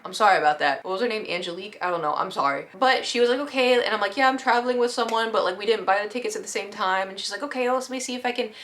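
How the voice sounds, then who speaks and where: Young woman, casual vlog storyteller, animated, mid-range voice, acts out quotes. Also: mid-range voice, racing, few pauses. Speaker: vlogger.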